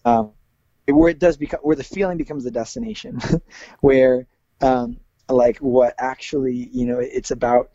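A man's voice: medium pitch, normal speed, warm tone, dry recording, muffled recording. A man who is a worship leader, speaking earnestly in a casual interview, with many fillers and restarts.

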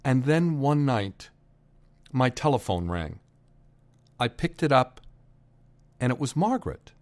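A man in the middle of a personal family story, taking his time and letting pauses do the work. His voice sits at an ordinary middle pitch for a man, and he breaks into loud, high shouts whenever he quotes someone. The delivery is slow and deliberate. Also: sing-song. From Boston area. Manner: unhurried, pausing for effect, shouting quoted lines.

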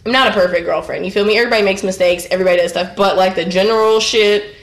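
A woman's voice: mid-range voice, fairly even intonation, racing. Blunt, profane woman telling a story. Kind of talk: casual storytelling chat. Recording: roomy echo.

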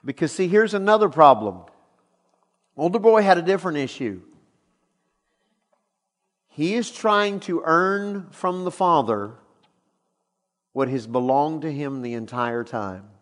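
A middle-aged man preaching a sermon as a pastor, emphatic and animated as he retells a story. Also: on the high side, measured pace, long pauses. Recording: long hall reverb.

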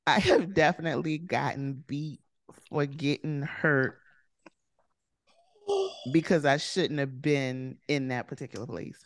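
A woman's voice: low voice, unhurried, long pauses, dry recording. A woman co-hosting a podcast, talking in a blunt, wry, slangy way during casual banter. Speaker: podcast co-host.

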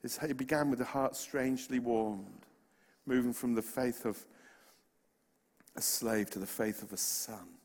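A man's voice: medium pitch, a little slow. A man with a West Country accent preaching a sermon, earnest and impassioned, with humorous asides. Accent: West Country English. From West Country, England. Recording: long hall reverb.

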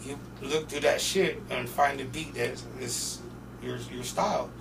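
A young man from North Portland, Oregon, guesting on a podcast and telling profane, animated stories full of acted-out quotes. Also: mid-range voice, a little slow, creaky. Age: young adult. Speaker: guest rapper. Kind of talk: casual storytelling interview. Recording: distant mic with noisy background.

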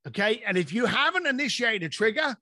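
A man's voice: very high voice, big pitch swings, brisk, pushed and bright. A man, a business coach telling stories in a podcast conversation and acting out his clients' lines.

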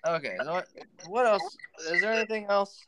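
A man's voice: sits high, expressive, fairly quick, heavy background noise. A man hosting a casual wrestling podcast, talking in a loose, rambling, hesitant way. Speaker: podcast host. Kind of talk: casual chat.

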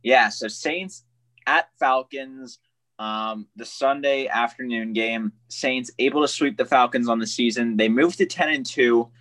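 A man's voice: medium pitch, unhurried, a bit bright. A young man co-hosting a casual sports podcast, easygoing and chatty, often calling his friend "man". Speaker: podcast co-host.

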